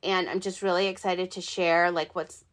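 A woman in her thirties hosting her own podcast, talking in a chatty, excitable, rambling way with lots of fillers. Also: on the low side, normal speed. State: hiccups. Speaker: podcast host. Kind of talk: casual solo podcast talk.

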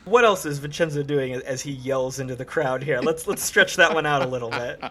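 A man acting as game master, handing out quick, encouraging rulings. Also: medium pitch, fairly bright tone. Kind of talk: running a tabletop game.

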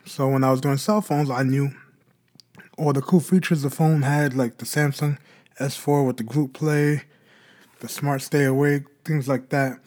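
A man's voice: mid-range voice, steady tone, measured pace, a little mellow. A man hosting a podcast, explaining in a casual talk and answering his own rhetorical questions. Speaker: podcast host.

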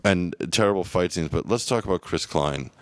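A man's voice: low voice, moderate pace. A man co-hosting a casual film review chat, joking and opinionated. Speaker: podcast co-host.

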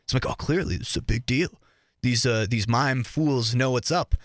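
A man's voice: medium pitch, moderate pace, no room sound. A young man, a podcast guest, telling a crude first-date story with lots of swearing in a college radio studio. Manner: animated, crude, swears freely. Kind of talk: casual storytelling.

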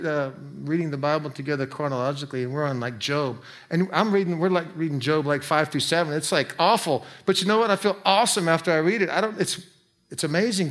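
A pastor preaching a sermon in a conversational way, breaking into quick asides. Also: male voice, fairly high pitch, a bit bright.

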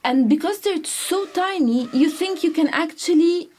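A woman from Egypt, a podcast guest, talking in an animated way and laughing easily. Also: very high-pitched, a little slow. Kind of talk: casual interview chat.

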